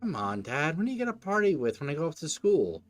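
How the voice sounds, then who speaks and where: A man's voice: on the high side, sing-song, fast, faint music behind. A man voicing a blunt, teasing teenage daughter in his own everyday voice. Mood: pushy.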